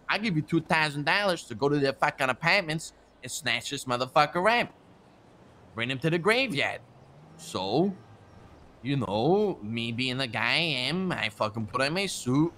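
A man's voice: a little high, pushed and bright, slight background noise. Man voicing a hot-headed mob guy, slightly raised voice, crude and rambling. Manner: profane, rambling storyteller. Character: swaggering Italian-American mobster man, boastful, hot-tempered. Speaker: streamer role-playing in a crime game. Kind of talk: in-character role-play banter.

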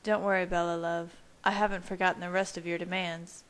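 A woman's voice: on the low side, level tone, fairly quick, clean tone, lightly acted. A woman voicing an intense, yearning young man who speaks with earnest passion, in a fan-read storybook. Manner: earnest, impassioned.

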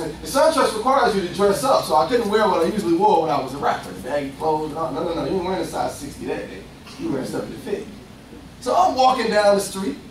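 A young man preaching a lively, conversational sermon, acting out voices and laughing often. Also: high voice, slight background noise. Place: church. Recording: echoey distant room sound.

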